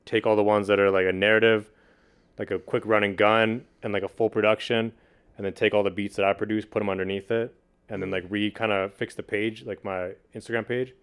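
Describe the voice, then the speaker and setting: A man chatting casually as a podcast guest, talking fast and loosely with lots of slang and "like". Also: lowish voice, little pitch movement, a bit bright, clear, resonant tone. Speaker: podcast guest, video producer and beatmaker. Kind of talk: casual chat.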